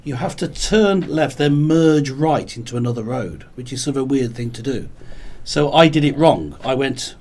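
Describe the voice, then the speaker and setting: A man co-hosting a relaxed talk show, his voice sitting at an ordinary middle pitch. He spins long, meandering anecdotes and drops dry, pedantic quips along the way. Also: moderate pace, few pauses. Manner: rambling storyteller with dry, pedantic wordplay. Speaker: podcast co-host. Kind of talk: casual chat.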